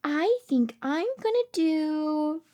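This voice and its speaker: A woman's voice: high voice, animated, takes it slowly, warm tone. A woman speech therapist reading a picture book aloud to toddlers, coaxing with questions, gasping with delight and dropping into whispers. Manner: coaxing, asks the child questions.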